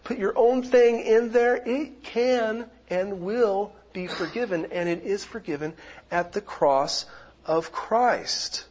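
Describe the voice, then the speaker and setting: Husky-voiced pastor preaching slowly. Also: male voice, sits high, highs cut off. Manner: animated, shifting from quiet explanation to loud exclamations. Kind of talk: sermon.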